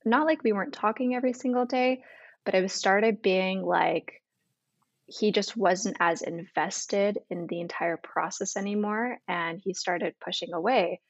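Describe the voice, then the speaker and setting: A woman's voice: mid-range voice, a little slow, no echo. Young woman guest, storyteller, casual and chatty, dull dry sound. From Canada. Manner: chatty, full of "like" and quoted dialogue. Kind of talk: storytelling interview.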